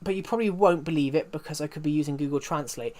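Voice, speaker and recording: This young man's voice sits on the higher side, a little mellow, and moves at a quick pace. He's chatting casually on a live game stream, telling meandering stories at his own expense.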